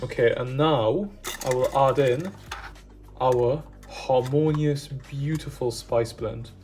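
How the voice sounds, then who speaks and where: Guy cooking and yapping away, goes off on tangents, pans clanking, soft music. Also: medium pitch, slow, a little hiss or hum. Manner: chatty, rambling, enthusiastic. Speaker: cooking vlogger. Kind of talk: casual cooking chat.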